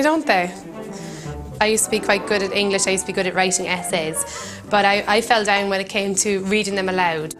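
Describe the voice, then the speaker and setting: A woman's voice: mid-range voice, fairly bright tone. An Irish woman comedian telling a self-deprecating story in a country kitchen, laughing often. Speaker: comedian host. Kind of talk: storytelling to camera.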